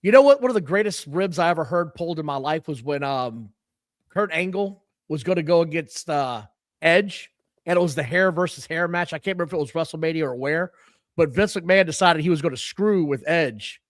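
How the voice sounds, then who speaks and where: A man co-hosts a wrestling podcast and talks in a fired-up, opinionated way. His voice sits high and swoops around a lot. The sound is dry and close to the mic. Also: brisk, dry recording. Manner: animated, opinionated ranting. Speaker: podcast co-host. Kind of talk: casual chat.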